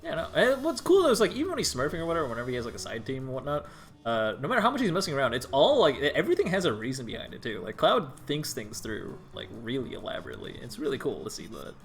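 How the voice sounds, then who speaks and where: Mellow guy cohosting a fight game stream, talks easy, faint game music. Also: a little high, huge pitch swings. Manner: easygoing, measured, adds analysis. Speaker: tournament organizer and co-commentator. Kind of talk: casual esports commentary.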